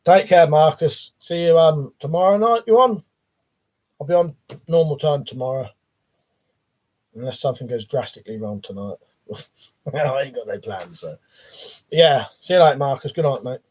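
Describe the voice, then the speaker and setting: A man with a slightly raised pitch, hosting a live chat stream in a loose, joking way. He reads out viewer messages and answers them off the cuff, cursing freely. The audio sounds a bit dull and lo-fi. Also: animated, normal speed, long pauses, darkish tone. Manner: reads out viewer comments and chats back casually, swears freely. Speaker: livestream host.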